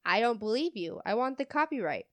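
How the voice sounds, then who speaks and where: A woman voicing a rude, demanding female customer who insists loudly and angrily. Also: on the high side, big pitch swings, brisk, dry recording.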